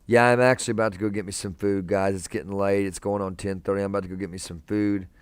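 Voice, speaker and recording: Low smooth-voiced man streaming from hospital. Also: steady tone, fast talker, no echo. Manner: laid-back, calls viewers man and brother, reads chat aloud. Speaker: live stream host. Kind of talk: casual live-stream chat with viewers. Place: hospital room.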